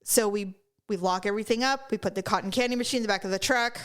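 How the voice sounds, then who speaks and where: Woman, podcast co-host, casual storytelling, foul-mouthed, mid pitch. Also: quick pace, smooth. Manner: animated, profane storytelling.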